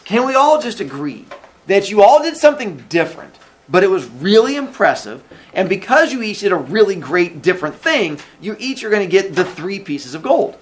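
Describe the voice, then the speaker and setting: A man voicing the old storyteller Aesop, calm and coaxing as he lectures a quarrelling crowd. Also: high-pitched, normal speed. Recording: echoey classroom, faint noise.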